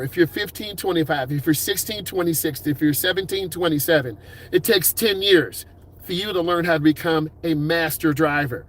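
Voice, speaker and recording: A middle-aged man, a driving instructor, giving upbeat, encouraging advice in a casual talk. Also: a little high. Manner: upbeat, encouraging, puts on quick voices for quoted people.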